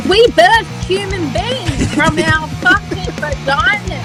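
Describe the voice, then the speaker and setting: High-voiced brash woman. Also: lively intonation, measured pace. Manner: brash and crude. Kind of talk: clips in a music mash-up. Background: loud guitar music.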